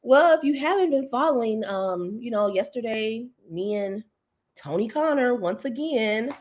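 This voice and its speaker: Animated woman telling a story. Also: unhurried. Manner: animated storytelling, jumps higher when quoting others; indignant, mocking. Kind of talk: casual talk-show chat.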